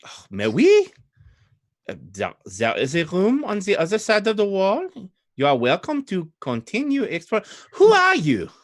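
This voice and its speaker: A man's voice: sits high, huge pitch swings, normal speed, voice pushed up. A man voicing a cheerful, chatty woman knight with a French-style accent who greets visitors in her kitchen. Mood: gushing. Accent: French-style fantasy accent. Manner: chatty, polite, gushing.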